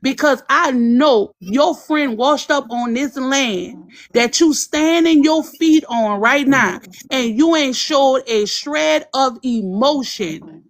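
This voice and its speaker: A woman's voice: high voice, takes it slowly. A woman, hosting a livestream and talking in a blunt, impassioned, profane way. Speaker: livestream host. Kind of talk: emotional livestream commentary.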